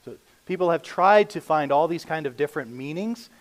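A man's voice: fairly high pitch, lively intonation, fairly quick. Conversational male pastor preaching. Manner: conversational preaching, reads scripture aloud, swings from emphatic to hushed. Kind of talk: sermon.

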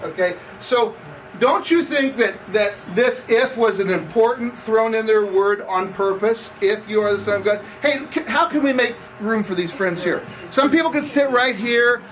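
A man's voice: high voice, moderate pace, a bit bright, distant mic, a little hiss or hum, rough recording. A man preaching a conversational sermon, asking the audience questions as he goes. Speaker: campus pastor. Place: room with seated audience.

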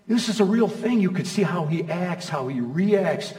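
A man's voice: high-pitched, animated, normal speed, a little mellow. A middle-aged man preaching a sermon in an easygoing, chatty way, firing off rhetorical questions and checking in with the crowd. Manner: conversational, stacks rhetorical questions, checks in with "okay?" and "you know?". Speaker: pastor. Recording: echoey hall, mic from far off.

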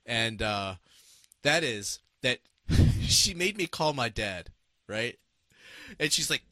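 Animated, profane man telling stories. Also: mid-range voice, unhurried, no echo. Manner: animated, profane, laughing, many restarts. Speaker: host telling a story and reading comments. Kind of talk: casual storytelling chat.

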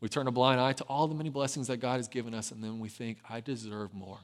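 A man preaching a sermon and retelling a scripture story, swinging between lively emphasis and hushed, low passages. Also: fast. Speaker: pastor.

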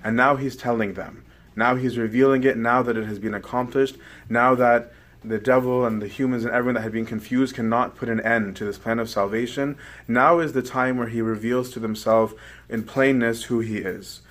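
A man's voice: mid-range voice, steady tone, moderate pace, fairly bright tone. A man preaching a sermon, explaining scripture and checking in with his listeners by asking "right?".

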